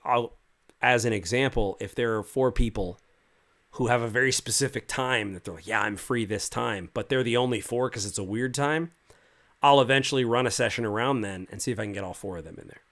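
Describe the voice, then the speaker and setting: A man's voice: medium pitch, brisk, a bit bright. A man hosting a casual livestream as game master, reading viewer comments aloud and answering them in a loose, rambling way. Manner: loose and rambling, with many fillers and restarts. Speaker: game master and stream host.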